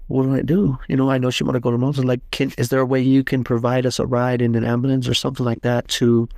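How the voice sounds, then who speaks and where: Gravelly man telling his story. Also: medium pitch, darkish tone, no echo, clean studio sound. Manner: halting, many restarts and fillers, plain everyday speech. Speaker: podcast host. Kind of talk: personal testimony, casual storytelling.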